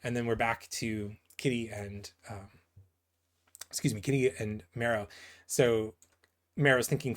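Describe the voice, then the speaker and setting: A man rambles casually through commentary on comic book pages, packing in fillers and asides that keep ending in "right?". His mid-range voice stays level and unhurried, with long pauses.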